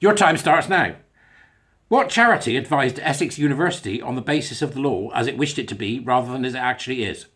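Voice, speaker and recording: A man putting on the voice of a pompous middle-aged male TV quizmaster, drawn out and booming. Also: expressive, a bit bright, natural voice. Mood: grand. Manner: booming, drawn-out quiz-host delivery.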